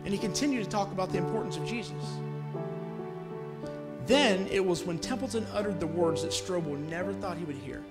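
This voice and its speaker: A man's voice: sits high, brisk, loud music behind the voice. A man preaching a sermon in a church, telling a story earnestly and pressing his listeners with urgent appeals.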